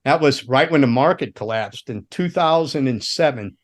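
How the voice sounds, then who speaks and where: Man, middle-aged, from the US, ex-roadie guest, casual chat, rambling, profane, acts out quotes, mid pitch. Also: expressive, normal speed. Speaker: podcast guest, former roadie.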